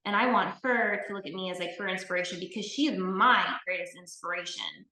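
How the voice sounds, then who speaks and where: A woman talks as an interview guest in an earnest, heartfelt way, with frequent ums and restarts. Her voice sits at an ordinary middle pitch. The room around her is noticeably echoey. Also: a little fast, sharp tone. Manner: earnest, heartfelt, many fillers. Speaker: interview guest, bodybuilding competitor. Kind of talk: casual interview storytelling.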